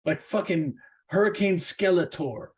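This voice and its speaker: A man hosting his own podcast in a casual solo rant. He swears a lot, rambles with fillers and restarts, and jumps up in pitch to stress a point. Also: a little slow, slightly rough. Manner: animated, jumping up in pitch for emphasis. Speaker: podcast host.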